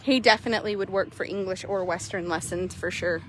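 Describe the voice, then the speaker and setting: A young woman horse trader chatting casually outdoors at an arena, quick and loose, swearing now and then. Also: medium pitch, fairly bright tone, a little hiss or hum. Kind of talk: casual narration while riding.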